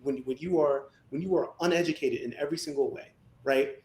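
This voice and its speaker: A man co-hosting a podcast, talking in an animated, emphatic way and often asking "right?". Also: brisk. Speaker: podcast co-host. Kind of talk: casual podcast discussion. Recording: echoey room, faint rumble.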